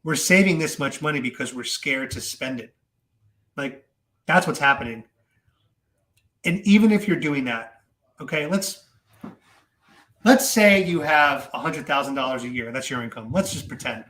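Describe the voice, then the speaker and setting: A man giving casual political commentary to his viewers, animated and chatty with many fillers and repeats. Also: medium pitch, moderate pace, long pauses, roomy sound.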